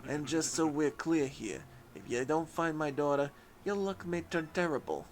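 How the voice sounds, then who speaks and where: A man's voice: a little high, moderate pace, natural voice. Mob boss, male, mock New York gangster accent, drawling and menacing, as a man puts him on, faint noise. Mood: threatening. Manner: drawling tough-guy threats.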